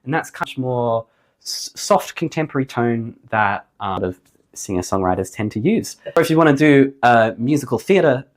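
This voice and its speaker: A man teaching a singing lesson in a casual, chatty way. His voice sits at an ordinary mid pitch, and he slips in playful jokes about himself as he explains how to change vocal tone. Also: animated, moderate pace. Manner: demonstrates singing tones between explanations.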